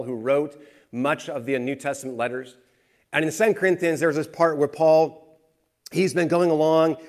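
A man preaching a sermon, swinging from quiet, low emphasis to rising, animated exclamation. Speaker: pastor.

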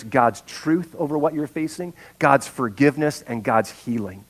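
A man preaching a sermon as pastor, telling stories with big swings between hushed and loud. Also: medium pitch, lively intonation, moderate pace, hardly any pauses.

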